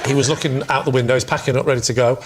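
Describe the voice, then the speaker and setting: A man with a Northern English accent, a panel-show team captain telling a comic story in a rambling, quick-witted way. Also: medium pitch, fairly even intonation. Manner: rambling, quick-witted, laughing at own jokes. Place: TV studio with live audience. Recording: studio audience laughter, noisy.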